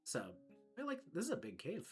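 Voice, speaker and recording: A streamer giving relaxed, chuckling commentary during a video game playthrough. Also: mid-range voice, a little fast, faint music behind.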